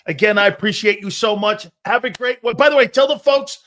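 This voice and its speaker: Middle-aged male sports talk host, bright and a touch high, animated storyteller. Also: a little fast. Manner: animated storyteller, acts out other voices. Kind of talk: casual sports radio chat.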